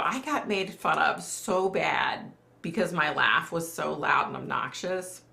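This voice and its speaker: A woman's voice: fairly low pitch, gravelly, pushed and bright. A middle-aged woman hosting a casual livestream, chatty and laughing often as she reads viewer comments aloud. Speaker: livestream host. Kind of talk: casual live chat. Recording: echoey room.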